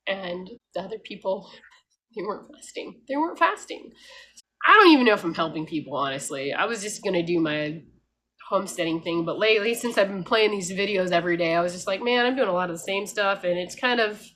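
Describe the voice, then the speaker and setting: Frank, animated woman ranting on camera. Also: lowish voice, fast talker, a little hiss or hum. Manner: animated, frank, laughs often, mimics others. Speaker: homesteading vlogger. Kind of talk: casual talking-head rant.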